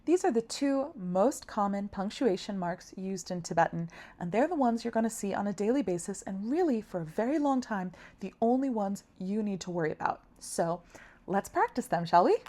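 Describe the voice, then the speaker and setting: A young woman walks a learner through a beginner language lesson. She talks patiently and encouragingly, slowing down to sound out each syllable. Her voice sits at an ordinary middle pitch. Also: lively intonation, mellow. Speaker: language teacher. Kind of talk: friendly scripted lesson.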